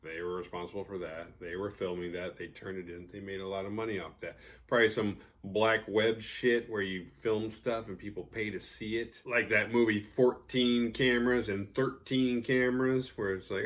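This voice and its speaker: A man's voice: on the low side, moderate pace. A man casually recapping a horror film, sarcastic and profane, acting out the characters' lines. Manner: profane, sarcastic, acts out quoted characters with laughs.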